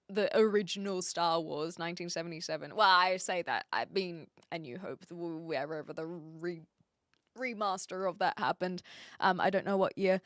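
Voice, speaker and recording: A woman's voice: on the low side, a bit bright, no echo, studio quality. A young woman live streamer chatting casually with viewers, laughing often as she talks.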